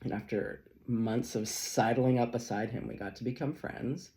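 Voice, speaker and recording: Man, tarot reader, chatty storytelling vlog, rambling, laughs a lot, mid-pitched voice. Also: moderate pace. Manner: rambling, animated, swears casually, laughs often.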